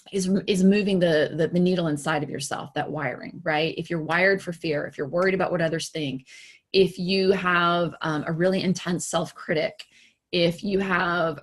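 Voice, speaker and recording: A woman executive coach giving a motivational talk to camera, animated and conversational, asking rhetorical questions and acting out quoted remarks. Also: fairly low pitch, husky. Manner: acts out quoted remarks in livelier voices.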